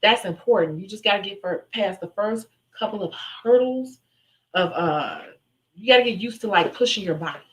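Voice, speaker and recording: A young adult woman hosts a live stream answering viewer questions, speaking casually and candidly in an expressive, medium-pitched voice at a moderate pace. She acts out other voices when retelling stories, and the recording is low quality.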